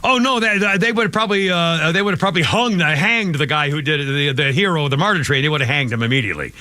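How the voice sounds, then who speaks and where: Man, talk radio host, heated indignant rant, high-pitched, bright tone. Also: expressive, racing. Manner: heated, indignant ranting with repeated words; apologizes for yelling. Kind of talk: live talk radio commentary.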